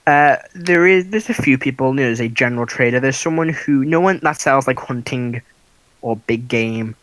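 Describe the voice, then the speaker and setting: A man's voice: mid-range voice, moderate pace, a bit bright, dry recording, poor audio. A man narrating as game master of a tabletop game, in a casual, chatty way.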